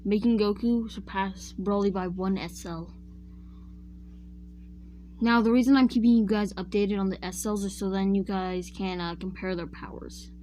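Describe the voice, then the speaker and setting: A woman's voice: mid-range voice, dark tone. A woman casually retelling a fan-made what-if story, rambling and often correcting herself mid-sentence while chatting to viewers. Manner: chatty, addresses viewers directly.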